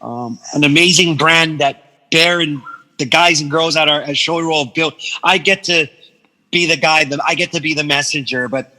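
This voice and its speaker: A man from Guam, a podcast guest, telling animated stories in casual chat, swearing freely and acting out the voices of people he quotes. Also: a little high, moderate pace, long reverb tail, low-quality recording.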